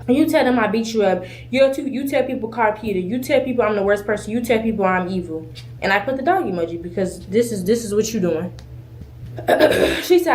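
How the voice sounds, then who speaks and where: A woman's voice: a little high, animated, a little fast. A young woman ranting in a heated, profane way about a fight, acting out both sides of the argument. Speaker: streamer telling a story in a clip. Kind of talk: heated rant. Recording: echoey room with faint noise.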